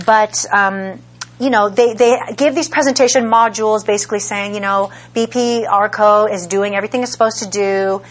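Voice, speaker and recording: A woman's voice: mid-range voice, a bit bright. A woman giving an academic lecture in a conversational way, often checking in with the listeners. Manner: conversational, frequent "right?" check-ins.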